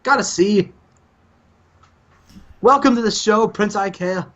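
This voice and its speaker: A man's voice: high-pitched, slow pace, a bit bright. A man hosting a gaming show, casually recapping matches in a chatty way, on a lo-fi recording. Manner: chatty, recaps events, acts out lines. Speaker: gaming channel host. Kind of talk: casual game commentary.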